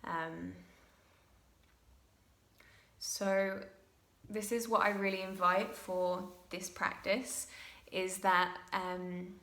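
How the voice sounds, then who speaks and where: A woman teaching a slow yoga class, moving from a loose chatty intro with fillers to soft, unhurried cues for breathing and poses. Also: medium pitch, little pitch movement. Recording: very echoey room with faint noise.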